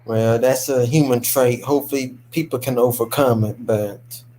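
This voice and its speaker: A man chiming in off-camera during a casual chat, calm and measured. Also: mid-range voice, a little hiss or hum.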